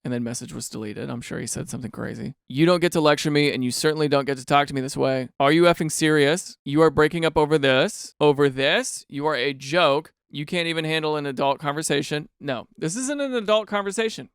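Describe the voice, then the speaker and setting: Young guy doing comedy commentary, kinda high smooth voice, dry close mic, super incredulous and sarcastic. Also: brisk, few pauses, no echo. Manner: incredulous, animated, reads texts aloud with sarcastic asides. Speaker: host reacting to online posts.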